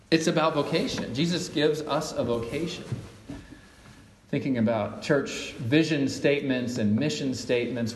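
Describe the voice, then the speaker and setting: A man's voice: mid-range voice, slight background noise. A middle-aged man preaching a sermon to his congregation, talking conversationally and often asking them questions. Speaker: pastor. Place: church sanctuary. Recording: echoey hall, mic at a distance.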